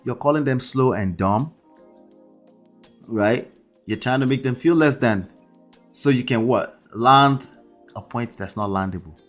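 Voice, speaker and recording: This relationship coach and host comments on a debate clip, emphatic and constantly checking in with the listener. His voice sits at a medium pitch with a measured pace and long pauses, while faint music plays behind him.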